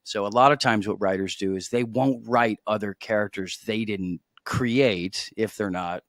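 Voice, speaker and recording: A man co-hosting a recap podcast, explaining things at length in a relaxed, joking chat. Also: lowish voice, normal speed, dry recording, studio quality. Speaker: podcast co-host. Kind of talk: casual chat.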